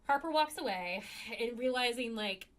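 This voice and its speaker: A woman's voice: a little high, animated, normal speed. A woman co-hosting a casual TV recap podcast, talking in a chatty way with lots of fillers and acting out the characters' lines. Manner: chatty, heavy on fillers, acts out quotes. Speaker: podcast co-host.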